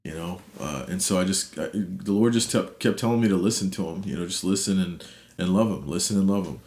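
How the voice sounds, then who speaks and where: A middle-aged man earnestly retelling a personal story as an interview guest, animated one moment and low and quiet the next. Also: a little fast. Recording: roomy echo.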